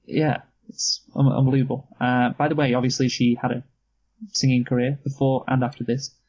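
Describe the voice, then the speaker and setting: Husky guy talking through the cast list, dry and sweary, laughs a lot. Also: mid-range voice, little pitch movement, fairly quick, a little mellow, rough recording. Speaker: podcast co-host. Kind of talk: casual film review chat.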